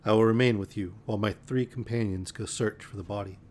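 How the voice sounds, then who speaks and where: A man voicing a cold, calm male sorcerer who gives orders and reads minds. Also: fairly low pitch, fast, slight background noise, close to an everyday voice. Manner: calm, commanding.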